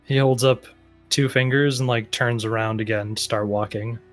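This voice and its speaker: A man narrating as game master in a tabletop role-playing game, describing characters' actions in a relaxed way. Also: medium pitch, moderate pace, faint music behind.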